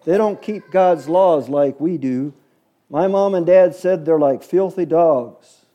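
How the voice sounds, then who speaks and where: A man's voice: on the high side, takes it slowly, warm tone, lo-fi sound. A man voicing a stubborn, prejudiced male follower who talks bluntly and indignantly.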